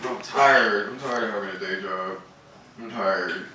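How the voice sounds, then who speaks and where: A man in his thirties doing a stand-up comedy set on a club stage, with punchy, animated and crude delivery. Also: on the low side, measured pace. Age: 30s. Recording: noisy distant club recording with loud hall echo. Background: audience laughter.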